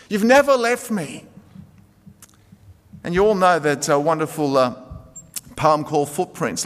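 A man preaching a sermon as a pastor, earnest, swinging from emphatic to very soft. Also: on the high side. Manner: earnest, rising to emphatic then dropping very soft. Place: church. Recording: reverberant church hall.

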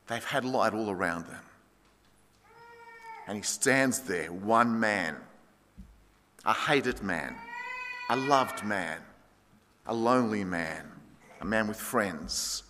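A man preaching an expository sermon, storytelling with dramatic swings between loud and hushed delivery. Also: mid-range voice, a little slow, pauses often, a little hiss or hum. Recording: long hall reverb.

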